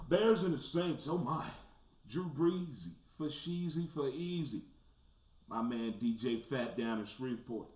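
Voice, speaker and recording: A man hosting a casual sports talk show, breaking down the weekend's games, rising into loud rants and dropping to low mutters. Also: measured pace. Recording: roomy echo, faint background noise.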